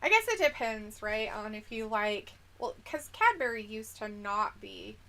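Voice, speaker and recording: A woman's voice: medium pitch, big pitch swings, unhurried, gravelly, sharp tone. A woman hosting a casual livestream, reading viewer comments aloud in a giggly, playful way. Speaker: livestream host reading chat. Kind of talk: casual chat.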